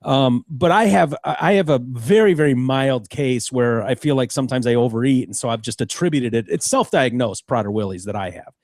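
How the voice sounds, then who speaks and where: Jokey podcast host, dry close mic. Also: male voice, mid-range voice, brisk, hardly any pauses, dry recording. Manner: jokey, laughs often, puts on silly French shouts. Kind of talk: casual comedic chat.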